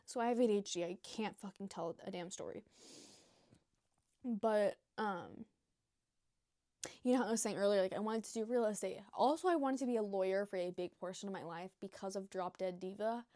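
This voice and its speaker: A young woman vlogger in a rambling casual chat, swearing freely and breaking into squeaky acted quotes. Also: brisk, dark tone, no echo, studio quality.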